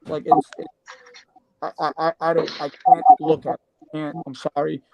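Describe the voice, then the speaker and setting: A man in a casual podcast chat who talks in halting restarts and is playfully dramatic. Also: on the high side, flat delivery, gravelly, dull audio, noisy background.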